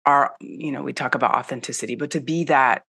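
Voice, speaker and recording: Interview host thinking out loud, slow and searching, mid pitch, dry sound. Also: fairly even intonation, gravelly, slightly rough, no echo. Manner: reflective, searching for words, many restarts. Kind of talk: casual interview conversation.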